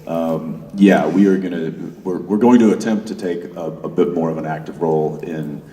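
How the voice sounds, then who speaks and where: Speaking as a guest on a convention panel, a man with a deep, dark voice keeps a moderate pace and fairly even intonation. He rambles with many restarts, and he's recorded from far off in an echoey large hall.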